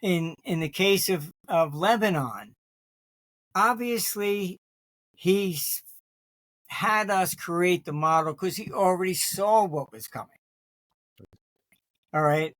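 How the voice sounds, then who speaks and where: A fairly high-pitched man speaks in a dry, close recording. He answers interview questions with long, loose anecdotes, drifting between half-finished sentences and stopping often to clear his throat. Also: takes it slowly, long pauses, fairly bright tone, no echo. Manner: restarts sentences, many fillers. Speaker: interview guest, market forecaster.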